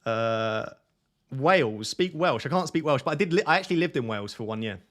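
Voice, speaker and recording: A man hosting a live fantasy football stream from his desk at home, speaking at a mid pitch. He reads viewer messages aloud and answers them with jokey, self-mocking asides. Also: lively intonation, brisk, a bit bright. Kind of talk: live stream chat reading. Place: home at night.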